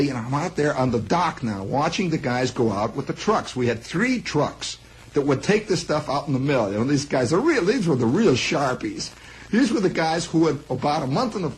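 A man telling a long personal story in a spoken monologue, rambling and animated, acting out sounds. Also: on the high side, slight background noise, low-quality recording.

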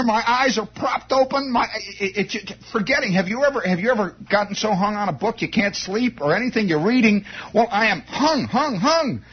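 In an excitable first-person comic story, a man stammers and restarts as he builds momentum. His voice is extremely high-pitched and husky, and the lo-fi recording sounds dull.

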